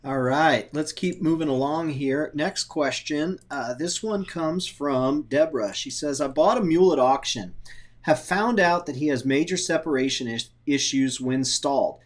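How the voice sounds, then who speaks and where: Man slowly reading viewer questions. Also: fairly high pitch.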